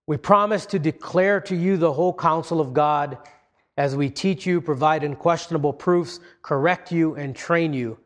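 A man preaching a sermon in an earnest, measured way, reading passages aloud between his own remarks. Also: a little high. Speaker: pastor.

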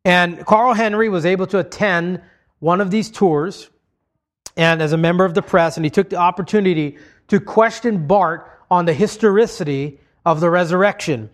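A man's voice: high voice, moderate pace. A man preaching a sermon, explaining points to his congregation in a conversational way.

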